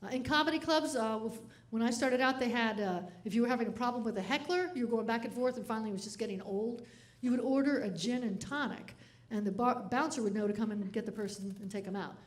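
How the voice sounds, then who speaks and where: A woman with a high, lively voice delivers a comic keynote from the stage. She tells her stories with animation and laughs often between lines. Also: quick pace. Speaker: keynote speaker and comedian. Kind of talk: comedic keynote speech.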